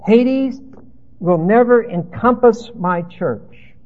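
A man's voice: sits high, expressive, unhurried, long pauses, slightly rough. A man preaching an expository sermon, emphatic and rambling as he teaches, on a tinny phone-like recording.

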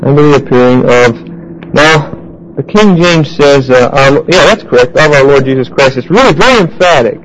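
A man teaching a Bible class verse by verse, halting with fillers and restarts and putting questions to his listeners. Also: medium pitch, lively intonation, slight background noise, poor audio.

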